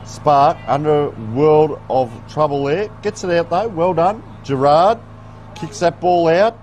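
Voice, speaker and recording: Male commentator, folksy live play-by-play, slightly high voice, faint outdoor noise behind. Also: unhurried, a little mellow. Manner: chatty, folksy play-by-play with asides. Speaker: sports commentator. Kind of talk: live local football commentary. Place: outdoor football ground.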